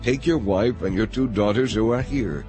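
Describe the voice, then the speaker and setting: Stern heavenly messengers who warn and command with urgency, voiced by a male reader. The tone is low and firm. Faint music runs beneath the reading. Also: normal speed, dark tone, lightly acted. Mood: urgent.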